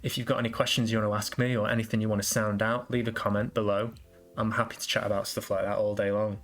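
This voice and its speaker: A man's voice: lowish voice, flat delivery, fast talker, a bit bright. A man hosting a casual solo podcast, rambling and self-deprecating with lots of restarts. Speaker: podcast host.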